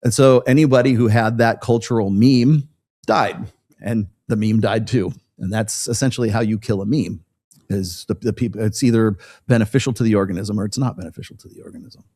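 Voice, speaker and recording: A man's voice: fairly low pitch, fairly even intonation, brisk, a little mellow, dry recording. A man hosting a casual commentary show, rambling with many restarts and laughing as he reacts to a video clip.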